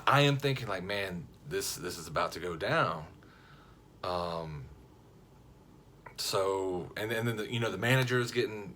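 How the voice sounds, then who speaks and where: A man casually telling a funny story to camera, lively and jokey, acting out the other people's lines as he goes. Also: medium pitch. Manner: animated, jokey, frequent restarts and quoted voices.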